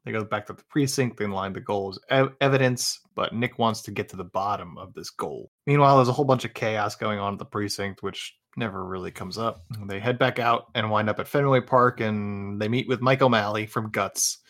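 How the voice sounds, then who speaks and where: A man's voice: lowish voice, brisk, hardly any pauses, fairly bright tone. A man co-hosting a casual podcast, recapping a movie plot in long run-on sentences. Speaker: podcast co-host.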